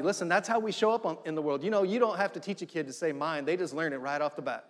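A man's voice: fairly high pitch, fast talker, hardly any pauses. A middle-aged man preaching a sermon as pastor, driving points home with repetition and rising emphasis. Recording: long hall reverb.

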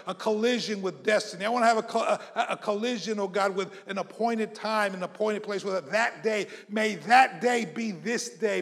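A man from South Mississippi, preaching a sermon and leading the congregation in call-and-response, moving between hushed prayer and shouting. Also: sits high. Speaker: pastor. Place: church hall. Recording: long church-hall reverb.

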